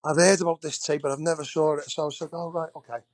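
A man's voice: a little high, very fast, no echo. Rambling man telling stories. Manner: rambling, animated anecdotes with many restarts. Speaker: podcast guest, wrestler. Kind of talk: casual storytelling.

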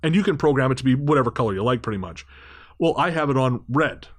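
A man's voice: medium pitch, expressive, fast. A man co-hosting a podcast, reading sponsor notes and chatting in a rambling, self-mocking way with frequent laughter. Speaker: podcast co-host. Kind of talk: casual podcast banter.

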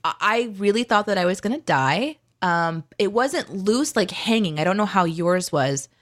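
A woman in her thirties co-hosts a relaxed chat, telling stories animatedly. Her pitch swoops and lifts as she acts out the voices in her stories. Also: moderate pace. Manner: animated storyteller, acts out quotes. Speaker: co-host reading chat. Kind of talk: casual chat.

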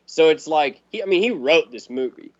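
A man in casual podcast chat, telling a story in a lively, profane way and laughing often. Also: fairly high pitch, normal speed. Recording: dull lo-fi recording.

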